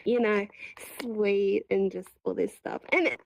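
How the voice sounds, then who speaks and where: A woman's voice: medium pitch, fairly even intonation, a little slow, vocal fry, no room sound, dull audio. A woman with an Australian accent giving an informal eulogy at an online gathering, joking and laughing nervously. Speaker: eulogy speaker.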